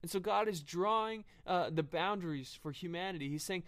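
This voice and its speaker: A man preaching a sermon earnestly, often pausing with fillers and restarting his phrases. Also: high voice, fairly bright tone.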